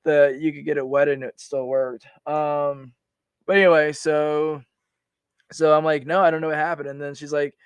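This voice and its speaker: A man's voice: a little high, little pitch movement, moderate pace, clean tone, dry recording, muffled recording. A man in his forties, a veteran guest on a podcast, telling his story in a rambling, casual way with many restarts and fillers.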